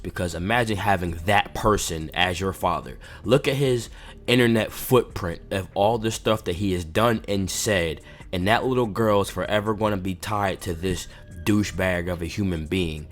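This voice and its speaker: A man hosting a commentary video, a father speaking in a heated, indignant rant. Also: deep voice. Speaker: commentary channel host. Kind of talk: reaction commentary. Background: faint background music.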